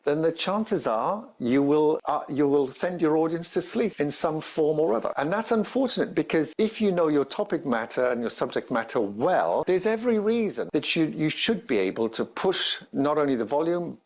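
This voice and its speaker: A man giving a presentation skills tutorial in an energetic, emphatic way, stressing each point in his lists. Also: medium pitch.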